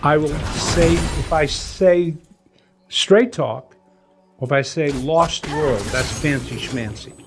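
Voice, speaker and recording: A man teaching writing in a casual, animated way, often acting out voices. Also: a little high, takes it slowly, over music. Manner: animated, acts out voices and hums melodies.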